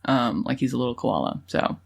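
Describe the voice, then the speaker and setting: A woman's voice: a bass voice, lively intonation, a little fast, creaky. A young adult woman co-hosting a podcast, telling personal stories in casual chat, with many ums and laughs. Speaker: podcast co-host.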